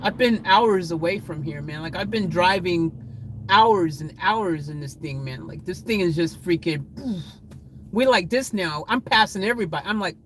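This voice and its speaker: Rambling, excitable male livestreamer. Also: high-pitched, moderate pace, a little hiss or hum, low-quality recording. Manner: rambling, excitable, often laughing. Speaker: livestream vlogger reading chat. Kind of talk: casual livestream chat.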